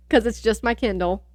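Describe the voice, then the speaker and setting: A woman's voice: on the high side, a little mellow, no room sound. A young woman co-hosting a podcast, chatting casually and rambling, laughing often. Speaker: podcast co-host. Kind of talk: casual chat.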